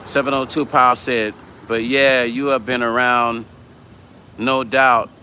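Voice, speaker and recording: A man's voice: medium pitch, flat delivery, measured pace, sharp tone, a little hiss or hum. A man chatting casually on a livestream, reading viewer comments aloud and talking bluntly with plenty of swearing. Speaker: vlogger hosting a livestream.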